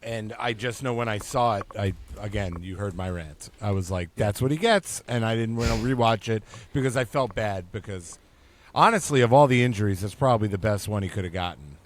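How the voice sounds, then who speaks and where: A man co-hosting a sports podcast, chatting casually and cracking dry, deadpan jokes. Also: fairly low pitch, brisk. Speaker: podcast co-host.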